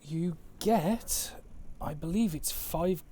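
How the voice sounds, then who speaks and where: English West Midlands man, game master, casual swearer, rambling, higher register. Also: takes it slowly, mellow, a little hiss or hum. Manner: swearing, laid-back, rambling. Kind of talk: narrating a tabletop game online. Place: home, online session.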